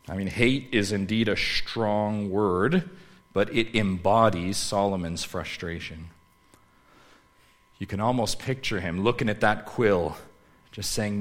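A pastor with a fairly low male voice delivers a sermon. He rises to loud, pressing emphasis, then drops to quiet, heavy asides. He often turns to his listeners with rhetorical questions. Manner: preaching with wide swings between loud emphasis and hushed low asides.

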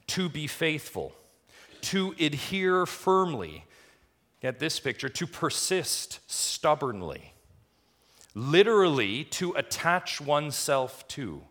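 Emphatic male preacher asking questions. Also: medium pitch. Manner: emphatic, rhetorical questions, swings between soft and loud. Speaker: pastor. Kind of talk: sermon.

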